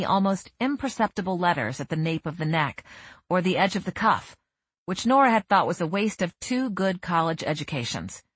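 A woman narrates a novel in a measured, even way. Her voice sits low with a husky texture. The recording is dry and close, with no room sound. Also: dry recording. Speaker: audiobook narrator. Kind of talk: scripted narration.

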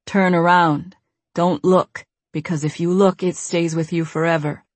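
A woman voicing a teenage girl in a crisis, giving quiet, urgent orders in a husky voice. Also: fairly low pitch, a little slow, dry recording. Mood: urgent hushed. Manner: urgent commands kept quiet and calm.

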